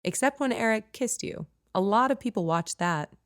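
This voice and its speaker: A woman voicing a playful, blunt adult friend who teases and pries, a touch higher and louder than her narration. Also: animated, moderate pace, no echo, studio quality, close to an everyday voice. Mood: teasing. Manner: playful, blunt, lightly sarcastic.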